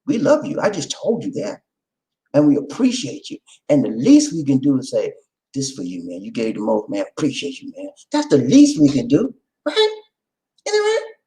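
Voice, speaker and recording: A middle-aged man hosting a casual livestream chat, animated, swinging between low murmurs, shouts and bits of song. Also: normal speed. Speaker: channel host.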